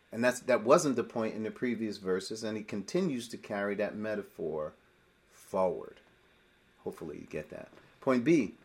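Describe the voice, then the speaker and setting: A man leading a Bible study to listeners on a group call, emphatic, asking rhetorical questions and swinging between loud and quiet. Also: on the low side. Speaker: Bible teacher.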